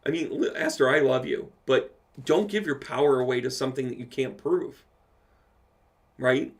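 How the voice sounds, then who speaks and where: Chatty gravelly man on a live Q&A. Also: mid-range voice, moderate pace. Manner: chatty, reads out viewer comments, playful asides. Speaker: medium answering live chat questions. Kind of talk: casual livestream Q&A.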